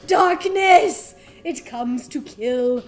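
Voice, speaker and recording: A woman's voice: sits high, expressive, drawn-out words, a little mellow, soft background music, exaggerated voice. A woman voicing a panicked old king who cries out warnings of coming darkness. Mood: panicked shouting. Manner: frantic, crying out warnings of darkness. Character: panicked old male king, wild-eyed and doom-crying.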